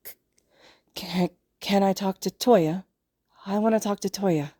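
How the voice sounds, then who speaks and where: A woman voicing a shy, quiet little boy. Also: mid-range voice, unhurried, no echo, studio quality, close to an everyday voice. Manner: soft, shy. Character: shy quiet four-year-old boy.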